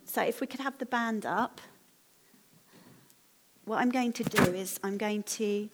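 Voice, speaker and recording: A woman preaching a sermon in a church, speaking in a gentle, earnest and encouraging way. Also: medium pitch, slight background noise. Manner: gentle, earnest, encouraging appeal with soft laughs.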